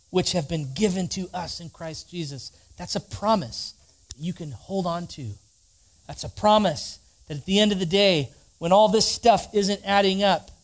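A man preaching a sermon, reading scripture aloud and leading the congregation in spoken responses. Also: fairly high pitch. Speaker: pastor.

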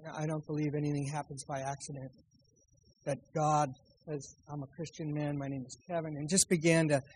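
A man preaching a sermon, telling a personal story with acted quotes and soft, quiet asides. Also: a little high, breathy edge, poor audio. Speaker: pastor.

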